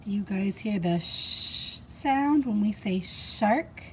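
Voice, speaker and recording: Young female teacher, lively sing-song delivery, slow and clear, noisy home recording. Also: mid-range voice. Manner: sing-song, encouraging, sounds out letters. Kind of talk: children's phonics lesson.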